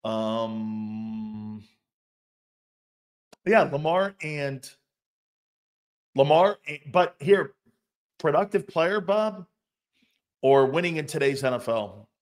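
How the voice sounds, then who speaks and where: A man's voice: medium pitch, extremely slow, long pauses. A man hosting a sports talk show, reacting to fan comments in a loose, profane way and laughing often. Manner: animated, laughing, profane, loud outbursts.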